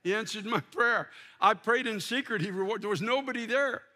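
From the pulpit of a large sanctuary, an older pastor preaches with fervor and frequent false starts. His high-pitched voice is sharp and a little fast.

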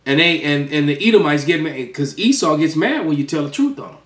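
A man slowly reading a scripture passage aloud and then explaining it, stressing key phrases. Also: a little high, expressive, a bit bright. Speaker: scripture teacher. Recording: echoey room, voice far from mic.

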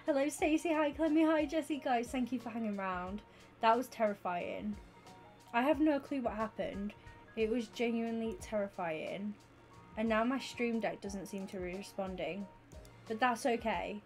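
A young woman streaming live, chatting with her viewers in an excitable, rambling way. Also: fairly high pitch, measured pace, soft background music. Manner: chatty and excitable, talks to chat by name. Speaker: Twitch streamer. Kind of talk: casual livestream chat with viewers.

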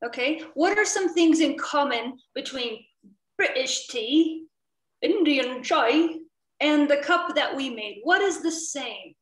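A woman from the southern United States runs an online workshop session, keeping it lively and playful as she keeps asking the group questions. Her voice sits high, and it comes over a video call from an echoey room. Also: slow pace. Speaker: workshop trainer. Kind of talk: interactive online teaching.

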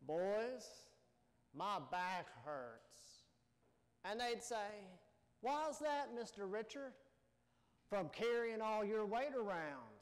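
A man with a high voice preaches a slow, deliberate sermon. He leans on rhetorical questions and emphatic pauses. His voice rings with the long reverb of a church sanctuary. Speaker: pastor.

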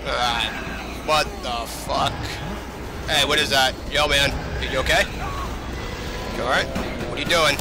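A man giving excitable let's play commentary, swearing and yelling at enemies, with jokey muttered asides. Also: medium pitch, unhurried, pauses often. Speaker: gamer. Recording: loud game noise under voice.

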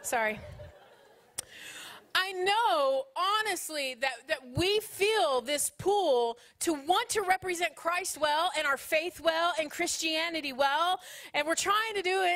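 A woman in her thirties preaching a sermon at a conference, animated and joking, with Southern phrasing. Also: very high voice, a little slow. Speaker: conference speaker.

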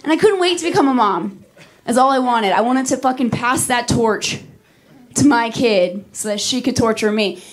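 A woman's voice: fairly high pitch, moderate pace, a little hiss or hum. A woman in her thirties doing a stand-up comedy set, brash and profane, telling stories with big energy. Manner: brash, profane, animated storytelling. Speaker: stand-up comic. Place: comedy club stage.

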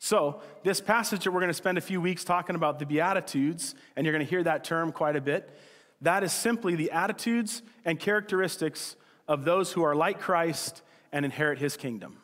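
A male pastor giving a casual, joking sermon, with quick acted-out asides. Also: fairly high pitch, a bit bright. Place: church hall. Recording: church hall with long reverb.

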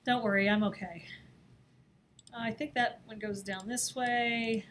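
Chatty, playful woman teaching design software. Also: fairly high pitch, steady tone, a little slow, a little hiss or hum. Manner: chatty, playful, laughs at herself, talks while drawing. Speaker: design instructor. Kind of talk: screen-recorded software tutorial. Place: office or classroom.

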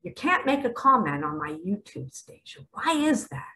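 A woman giving a dramatic preaching monologue to camera. She asks rhetorical questions and swings between hushed asides and loud exclamations. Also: mid-range voice, big pitch swings, normal speed, low-quality recording. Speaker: self-styled spiritual guide.

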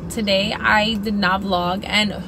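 Chatty young mom vlogger, noisy background. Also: female voice, mid-range voice, steady tone, slow pace. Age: 20s. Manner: chatty, candid, swears freely. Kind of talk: casual vlog chat.

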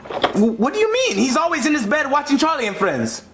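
A man's voice: extremely high pitch, wildly swooping pitch, fairly quick, a bit bright, roomy sound, exaggerated voice. A man voicing a grumpy, foul-mouthed cook in a comedy puppet video, rude and exasperated. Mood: irritated.

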